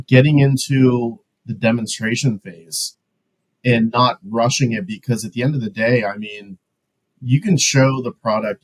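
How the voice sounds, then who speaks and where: A man co-hosting a casual business talk show, speaking in a relaxed, rambling way. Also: on the low side, breathy edge, rough recording. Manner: relaxed, rambling with fillers and restarts. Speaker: co-host. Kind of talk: casual business podcast chat.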